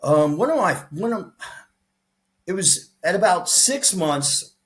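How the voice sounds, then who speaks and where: A man's voice: high voice, takes it slowly. Man animatedly retelling a story. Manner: animated retelling, acts out quoted dialogue, frequent restarts. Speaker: podcast guest. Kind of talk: storytelling in casual conversation.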